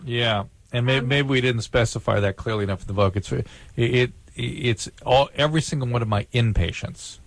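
A man who is a doctor hosting a call-in radio show, measured and explanatory as he answers a caller. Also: medium pitch, no echo.

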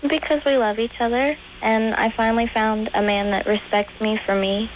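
Young woman, radio caller, small voice, raised pitch, hesitant, faint noise. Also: level tone, normal speed, low-quality recording. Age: young adult. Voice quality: small, little voice. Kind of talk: call-in question.

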